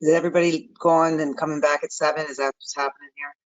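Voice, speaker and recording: A woman's voice: low voice, flat delivery, fast. A woman with an American accent, a council member, chatting casually and joking over her phone before a meeting. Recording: muffled phone audio.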